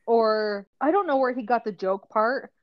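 A woman co-hosting a parenting podcast, telling a lively story in casual chat, acting out quotes and laughing often. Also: fairly high pitch, normal speed, dry recording, muffled recording. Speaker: podcast co-host, mother.

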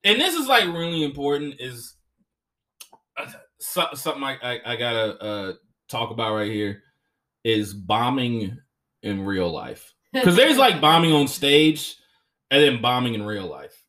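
A young man hosting a podcast, telling stories in an animated way, swearing often and slipping into voices. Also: medium pitch, measured pace. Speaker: podcast host and comedian. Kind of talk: casual chat.

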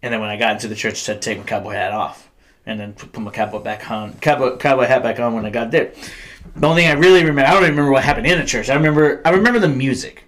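A man's voice: medium pitch, very fast, fairly bright tone. A young adult man, a podcast host telling blunt, profanity-laced stories in casual chat.

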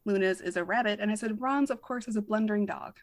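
A woman's voice: medium pitch, fast, no room sound. A young woman co-hosting a casual podcast, chatty and laughing often. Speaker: podcast co-host.

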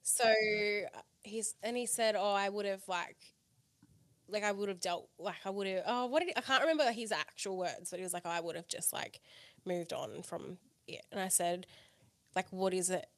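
A woman's voice: medium pitch, normal speed, no echo. A woman co-hosting a casual podcast, rambling through a story with lots of fillers and swearing. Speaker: podcast co-host.

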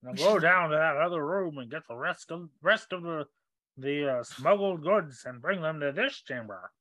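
A man's voice: a little high, lively intonation, normal speed, sharp tone, dry recording. A man playing a bossy wizard smuggler boss.

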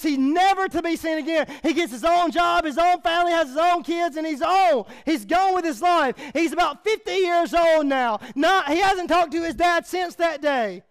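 A man's voice: extremely high pitch, moderate pace. A man preaching a sermon as a pastor, telling a story earnestly and repeating words as he goes.

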